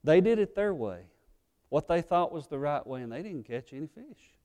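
Male pastor delivering a sermon in a high voice, fervent and then hushed, with a long hall reverb. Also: sing-song, moderate pace. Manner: swings from fervent loud pleading to quiet earnest low tones.

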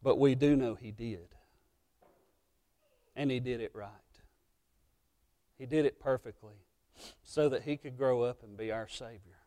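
A man preaching a sermon as pastor, emotional and impassioned, swinging between loud passages and hushed ones. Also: medium pitch, measured pace, long pauses.

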